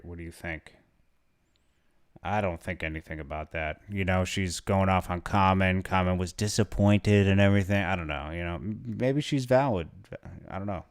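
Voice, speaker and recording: A man's voice: low-pitched, smooth. A tired young man hosting a casual live stream, chatting loosely with viewers and reading out their comments in a laid-back, mumbling way. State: tired, yawning. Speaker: livestream host.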